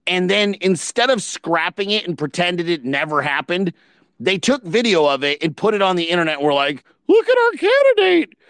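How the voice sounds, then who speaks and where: A blunt, profane man hosting a podcast, talking in loose casual chat. His voice sits a little high for a man and sounds close and dry, and he pushes his points with swelling emphasis. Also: moderate pace, a bit bright, clear, resonant tone, no room sound. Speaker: podcast host.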